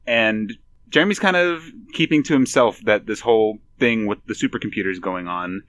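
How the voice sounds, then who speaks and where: A man co-hosting a podcast, chatting in a relaxed, knowing way as a fan of the show. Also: lowish voice, a little fast. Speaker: podcast co-host. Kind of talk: casual podcast discussion.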